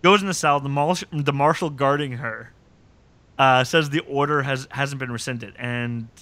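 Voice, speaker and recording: In casual podcast chat, the male host recaps episodes with animated storytelling, gleefully quoting scenes and joking along the way. His mid-range voice moves at a moderate pace, recorded with no room sound.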